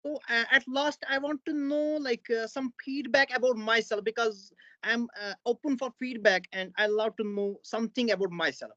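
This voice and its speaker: A Kashmiri woman with an Indian English accent, a learner in an English practice chat, agreeing readily and pausing on many fillers. Her voice sits a little high. The recording is dry and dull, with the top end missing. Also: fairly even intonation, fairly bright tone, no echo.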